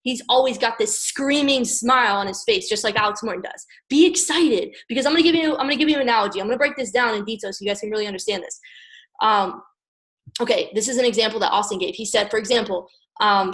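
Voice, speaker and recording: An energetic young woman from Maryland coaches her team in a casual motivational talk. Her voice sits a little high, and she keeps checking in with her listeners and acts out phone calls. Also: a little fast, rough recording. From Maryland, USA. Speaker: network marketing team leader.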